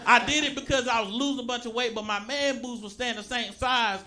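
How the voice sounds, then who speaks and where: A stand-up comedian talking in a laid-back, giggly way that turns loud at the punchlines. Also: male voice, extremely high pitch, fairly even intonation, brisk. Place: comedy club stage with audience. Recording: live club recording with crowd noise. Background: audience laughter.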